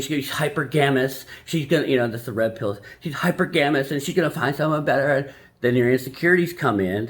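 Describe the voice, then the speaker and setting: Rambling, crude-talking man. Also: medium pitch. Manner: loose and crude, with many restarts and asides. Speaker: vlogger summarizing a self-help book. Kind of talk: casual, rambling talk.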